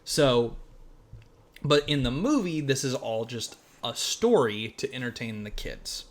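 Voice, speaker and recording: A man's voice: mid-range voice, a little slow. A young man co-hosting a podcast, chatting casually about a film with lots of laughter and swearing. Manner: animated, laughing, swearing, putting on silly voices. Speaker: podcast co-host. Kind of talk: casual chat reviewing a film.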